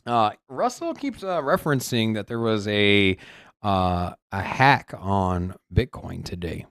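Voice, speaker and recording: A man co-hosts a crypto chat stream, his pitch swinging widely as he talks. He restarts his sentences often and pushes his points with energy. The sound is dry and close, with no room echo. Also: takes it slowly, clean tone. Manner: animated, restarts often, greets the chat loudly. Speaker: co-host. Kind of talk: casual crypto news chat.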